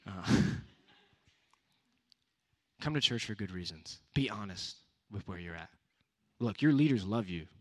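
A man's voice: on the low side, lively intonation, a little slow, long pauses, a bit bright. Young man giving a casual youth sermon. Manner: conversational, punchy repeated exhortations with laughs. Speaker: youth speaker.

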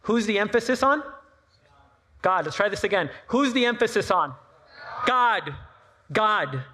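A man with a high-pitched voice preaching a sermon at a church service. He talks in a loose, conversational way, repeating his points and tossing in playful asides. The sound rings with the long reverb of a large hall. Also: lively intonation, a little slow, sharp tone, slight background noise. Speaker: pastor.

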